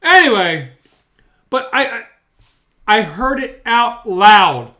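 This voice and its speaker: A man's voice: high-pitched, very animated, slow pace, pushed and bright. A man telling a story at home in a loose, profane, rambling way into a mic. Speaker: storyteller vlogger. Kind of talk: casual storytelling. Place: indoors at home, bedroom. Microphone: studio mic.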